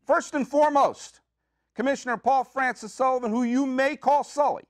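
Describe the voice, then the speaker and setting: A man hosting his own podcast, talking in an excitable, jokey, rambling way with quick asides from a community media studio. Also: very high voice, no echo. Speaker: podcast host. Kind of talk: comic solo podcast monologue.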